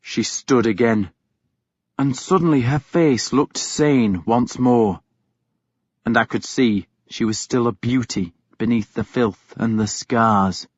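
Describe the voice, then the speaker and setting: A man reading an audiobook as scripted first-person narration, grave and measured. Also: medium pitch, dry recording. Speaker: audiobook reader. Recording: dull, dry studio recording.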